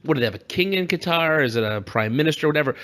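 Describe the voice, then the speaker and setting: A man's voice: fairly high pitch, animated, racing, fairly bright tone. Rambling, jokey man on a podcast. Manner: rambling and jokey, laughs often. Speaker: podcast co-host. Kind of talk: casual political podcast chat.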